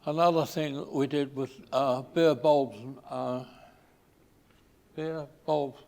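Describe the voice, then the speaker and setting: An older man from England giving an informal slide talk, pausing often with fillers and restarts. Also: medium pitch, fairly even intonation, gravelly, darkish tone. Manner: halting, with many fillers and restarts.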